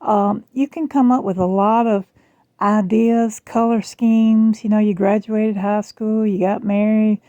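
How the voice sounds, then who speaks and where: A middle-aged woman with a Southern US accent, rambling chattily in a casual vlog, her voice strained and rough. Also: medium pitch, fairly even intonation, a little slow, warm tone, dry recording, highs cut off. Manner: chatty, rambling, self-deprecating. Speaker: jewelry vlogger. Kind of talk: casual chat. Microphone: phone camera.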